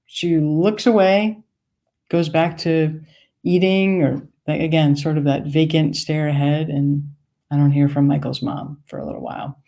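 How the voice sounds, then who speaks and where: A woman's voice: sits low, steady tone, unhurried, dark tone. A woman from Maine telling a wry, conversational personal story on stage. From United States, Maine.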